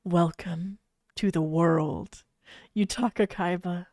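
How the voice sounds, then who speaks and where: A woman voicing a weak, grieving young mother in a fanfiction reading, speaking in a hushed voice. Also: medium pitch, moderate pace, dry recording, studio quality, natural voice. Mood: tender hushed.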